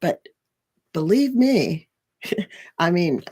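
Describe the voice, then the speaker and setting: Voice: medium pitch, big pitch swings, drawn-out words, warm tone, breathy edge. A spiritual and life coach explaining ideas in a casual, rambling way, with frequent restarts and tag questions. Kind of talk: casual teaching talk.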